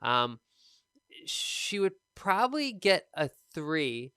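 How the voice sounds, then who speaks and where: A man teaching TOEFL speaking on a live stream, explaining in a relaxed, conversational way. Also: a little high, takes it slowly, clear, resonant tone, no room sound, studio quality.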